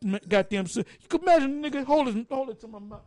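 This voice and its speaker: A man's voice: very high voice, very fast, slight background noise. A man leading an open forum, telling stories full of profanity and acting out other people's lines. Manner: profane, animated storyteller acting out quotes. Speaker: forum speaker. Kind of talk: casual open-forum talk.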